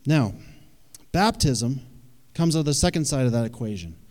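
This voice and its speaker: A man's voice: mid-range voice, expressive, moderate pace, a little mellow, big-room sound. A man preaching a sermon in a conversational way, often checking in with his listeners. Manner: conversational, asks the audience questions.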